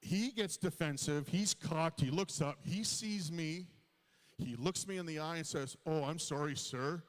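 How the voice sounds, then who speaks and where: A man's voice: a little high, a little slow. A Canadian man in his fifties doing a stand-up comedy set, telling self-deprecating stories to the crowd. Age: 50s. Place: large hall on stage. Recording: live hall reverb.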